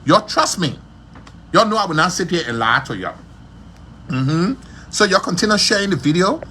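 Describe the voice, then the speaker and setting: A man's voice: high-pitched, expressive, normal speed, pushed and bright, a little hiss or hum. A man hosting a gossip livestream from his shop, talking in a scornful, repetitive way. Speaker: livestream host.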